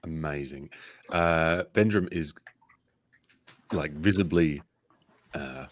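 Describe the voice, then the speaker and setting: A man playing a tabletop game, talking hesitantly with many pauses. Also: very deep voice. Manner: hesitant, many ums, gentle. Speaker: player. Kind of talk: casual role-play.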